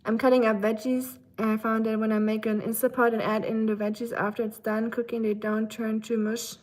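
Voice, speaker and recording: A woman's voice: fairly high pitch, flat delivery, fairly quick, a little mellow. A woman from Germany with a German accent, chatting casually on a livestream while cooking in her kitchen, with loose talk full of fillers. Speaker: livestream host. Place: home kitchen.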